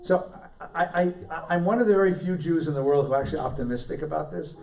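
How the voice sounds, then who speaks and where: A man's voice: on the high side, fast talker, vocal fry, slight background noise. Brief: middle-aged male rabbi, anecdotal storyteller, reverberant hall, mic at a distance. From California, USA. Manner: warm anecdotal storyteller with self-deprecating humour. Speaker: rabbi, guest scholar. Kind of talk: storytelling talk to a congregation. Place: synagogue hall. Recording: roomy hall, mic from afar.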